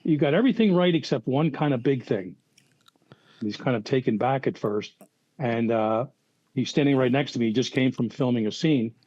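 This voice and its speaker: A man's voice: mid-range voice, normal speed, a little mellow, no room sound, muffled recording. An older man, a former profiler telling long anecdotes with many restarts and fillers. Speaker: guest, former FBI profiler. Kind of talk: casual podcast storytelling.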